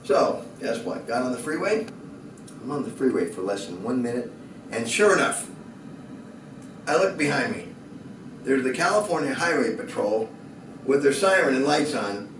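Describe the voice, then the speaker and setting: A man telling a personal story in a lively way, at times shouting and laughing. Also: medium pitch, normal speed, noisy background. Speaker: speaker. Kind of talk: animated storytelling. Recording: echoey room from a distant mic.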